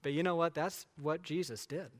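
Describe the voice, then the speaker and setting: Male pastor, slightly higher voice, emphatic conversational sermon, long echo of a church hall. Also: steady tone, normal speed. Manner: emphatic, conversational preaching with rhetorical questions.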